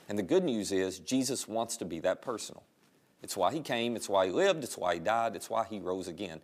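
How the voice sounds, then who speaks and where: A male pastor preaching a sermon in a conversational, storytelling way. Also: on the low side.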